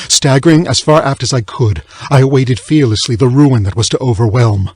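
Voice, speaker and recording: Guy narrating an old sea story, husky voice, slow and gloomy, dry close sound. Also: darkish tone, no room sound. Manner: measured, low, somber reading. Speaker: audiobook reader. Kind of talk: scripted narration of a classic tale.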